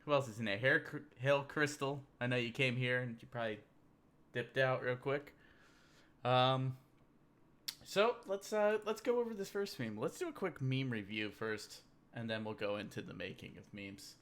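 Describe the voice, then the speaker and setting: A man's voice: mid-range voice, moderate pace, fairly bright tone. A man hosting a casual livestream, rambling and joking about memes while drinking beer. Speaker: livestream host. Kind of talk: casual livestream meme commentary.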